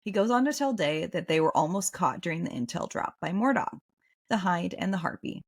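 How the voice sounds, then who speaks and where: A woman hosting a podcast, reading a book recap and breaking into excited asides. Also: on the low side, brisk. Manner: animated, swings between reading and excited reactions. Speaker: podcast host.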